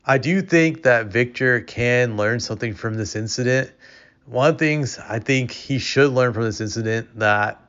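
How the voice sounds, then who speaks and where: A man's voice: mid-range voice, moderate pace, fairly bright tone, smooth. A man giving casual, opinionated commentary as a vlogger, rambling with frequent restarts. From United States. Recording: dull lo-fi recording.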